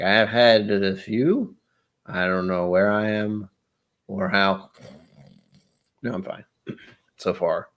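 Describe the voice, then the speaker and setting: A man's voice: fairly low pitch, slow pace, pauses often, fairly bright tone. A man hosting a livestream, chatting casually over drinks, rambling, joking and poking fun at himself. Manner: rambling, joking and self-deprecating. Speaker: livestream host.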